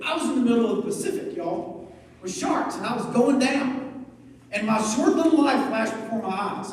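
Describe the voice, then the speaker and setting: Animated man preaching in a hall. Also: very high voice, recorded from a distance. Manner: animated storytelling with jokes and asides. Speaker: youth pastor. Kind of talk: youth sermon. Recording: echoey hall, mic from afar.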